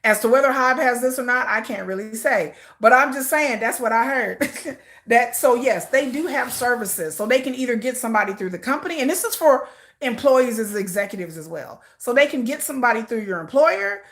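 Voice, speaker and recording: A fairly high-voiced, middle-aged woman speaks off the cuff on a livestream. She sounds close to tears and talks in a heartfelt, repeating way, pressing her points with frustration. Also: lively intonation, fairly quick, fairly bright tone. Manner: heartfelt, repetitive, building to frustration. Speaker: livestream host. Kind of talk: emotional casual commentary.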